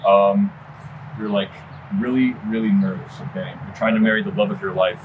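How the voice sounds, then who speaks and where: A man's voice: on the low side, fairly even intonation, normal speed, phone-quality sound. Young man directing on a noisy set. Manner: encouraging, casual. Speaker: film director. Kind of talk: directing an actor.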